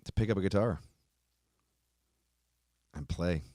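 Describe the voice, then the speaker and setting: A man hosting a show, giving an emotional tribute while on the verge of tears, swearing often and trailing off quietly. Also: low voice, takes it slowly, no room sound, clean studio sound. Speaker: host.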